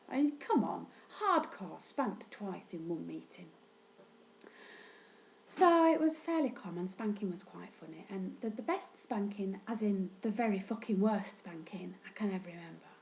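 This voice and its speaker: A woman telling a funny childhood story in a wry, deadpan vlog monologue, swearing now and then. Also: measured pace, creaky, a little hiss or hum, rough recording. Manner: wry, deadpan, sweary humor with sudden pitch jumps. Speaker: vlogger recounting childhood.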